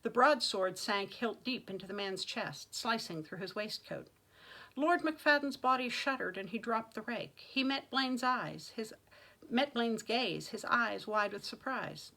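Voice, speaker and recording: Bright, dramatic woman reading fantasy aloud. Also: a little high, measured pace, rough recording. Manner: dramatic, expressive narration. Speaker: author reading her own novel. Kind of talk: audiobook-style fantasy reading.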